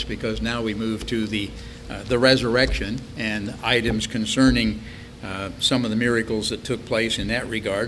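An older man preaching a Bible study, reading scripture aloud and then explaining it in a measured, rambling way with frequent fillers. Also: lowish voice, a bit bright, a little hiss or hum.

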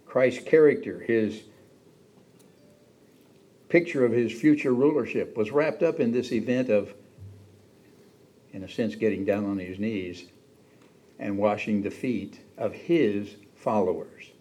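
A man's voice: lowish voice, a little slow, pauses often, a little mellow. A man preaching a sermon in a conversational way, acting out the quoted lines with a raised voice. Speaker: pastor.

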